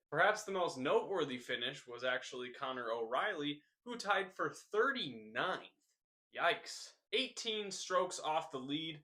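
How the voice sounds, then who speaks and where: A young man hosts a scripted news recap, slipping deadpan jokes between the items. His voice is bright and sits a little high, and his delivery is casual and comic. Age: young adult. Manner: deadpan jokey delivery, rambling tall tale. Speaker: host.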